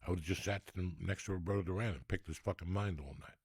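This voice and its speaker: A man's voice: deep voice, fast, slightly rough, no echo, clean studio sound. A man, telling rambling, profane comic stories as a podcast host. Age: 60s. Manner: profane, rambling, animated storyteller. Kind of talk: storytelling comedy rant.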